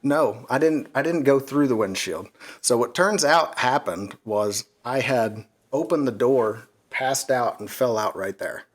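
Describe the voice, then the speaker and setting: A man on a casual podcast telling a wild personal story, animated and swearing freely, laughing at his own misfortune. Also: mid-range voice, unhurried. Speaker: podcast co-host.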